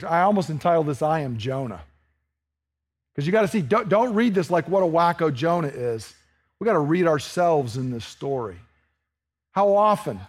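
A man preaching a sermon to a congregation, asking them questions and acting out the dialogue of the story. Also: fairly high pitch. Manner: animated, asks the congregation questions, acts out dialogue.

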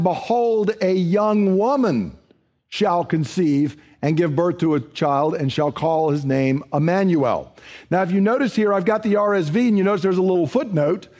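A man's voice: sits high, a little mellow. A man teaching a Bible study lecture, explaining a passage and reading scripture aloud, with a few fillers.

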